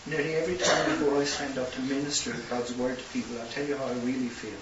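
A man's voice: medium pitch, fairly even intonation, fast. A man with an Irish accent preaching a sermon, telling stories and building to impassioned emphasis. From Ireland. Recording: roomy distant hissy lo-fi recording.

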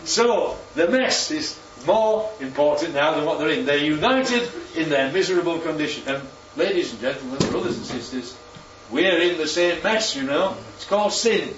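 A man's voice: on the high side, expressive, moderate pace, few pauses, a bit bright, slight background noise. A man preaching a sermon, often putting questions to his congregation and repeating the answers back. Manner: interactive, asks the congregation questions. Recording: roomy, distant, muffled hall recording.

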